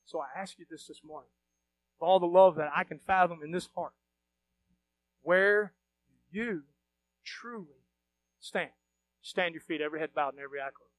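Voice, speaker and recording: A man's voice: a little high, steady tone, fast talker. A man preaching as pastor, leading an altar call and then praying with earnest, pleading fervor in a church. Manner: earnest, pleading, rising to fervent prayer. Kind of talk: sermon altar call and prayer. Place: church sanctuary.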